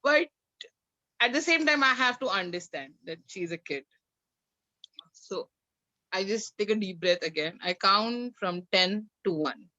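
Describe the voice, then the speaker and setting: A woman guest, a mother and coach, telling a personal story in a candid conversation over a video call, animated and acting out dialogue. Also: medium pitch, unhurried, pauses often, no room sound. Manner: animated, recounts with acted-out dialogue and laughs. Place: home. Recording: slightly dull lo-fi sound.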